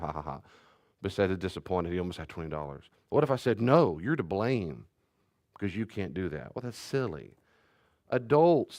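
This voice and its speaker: A man's voice: on the low side, darkish tone, no room sound, studio quality. A middle-aged man, a pastor, giving a teaching talk on parenting and acting out the voices of a child and a parent as he tells stories.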